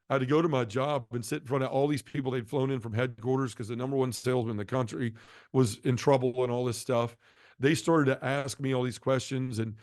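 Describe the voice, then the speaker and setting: A man's voice: mid-range voice, a little mellow, no echo, studio quality. A middle-aged man sharing his personal testimony as an interview guest, telling his story in an earnest, heartfelt way.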